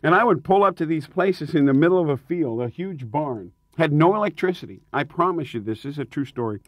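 A man, a touring rock singer, telling tour stories in a casual interview, animated and emphatic, laughing often. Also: a little high, no room sound.

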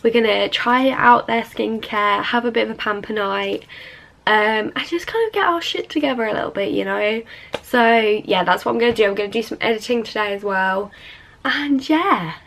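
A woman's voice: on the high side, normal speed, creaky, fairly bright tone, a little hiss or hum, poor audio. Bubbly young woman vlogging. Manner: bubbly, gushing, lots of fillers. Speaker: beauty vlogger. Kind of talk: casual vlog chat. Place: home, indoors.

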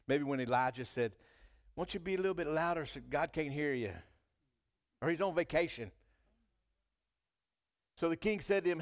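A man's voice: a little high, animated, moderate pace, long pauses. A man preaching a sermon in a church, talking casually and reading scripture aloud with rising emphasis. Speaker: pastor.

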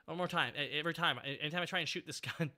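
A man in his thirties hosting a casual stream chat, excitable and prone to sudden yelps. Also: on the high side, very fast. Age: 30s. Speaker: streamer host.

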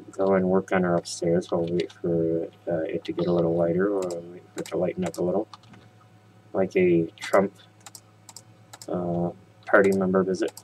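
A man's voice: deep voice, a little hiss or hum, low-quality recording. A man hosting a casual let's play, rambling and joking as he talks straight to his viewers. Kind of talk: casual gameplay commentary.

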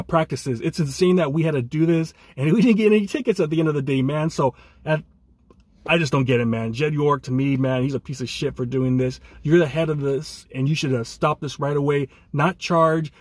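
Heated male podcast co-host; slightly raspy, pitched a bit high, dry. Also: brisk, dry recording. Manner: angry ranting, repeats "man". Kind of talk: fan rant podcast.

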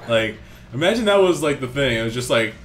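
A man's voice: medium pitch, expressive, a little fast, a bit bright, soft background music. A young man casually commenting on his gameplay in a laid-back, slangy way. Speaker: let's play host.

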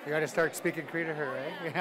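A man teaching a live language class, calling out drills and repeats in a playful way, laughing along with his students. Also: fairly high pitch. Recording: crowd noise in a live classroom. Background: class chatter and laughter.

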